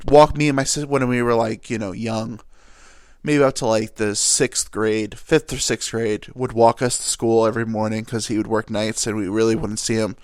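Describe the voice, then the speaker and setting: A man's voice: mid-range voice, no echo, clean studio sound. A young man sounding nasal and teary, telling a rambling personal story with fillers and self-corrections as a podcast host. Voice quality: nasal, sounds like he just cried. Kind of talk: casual storytelling monologue.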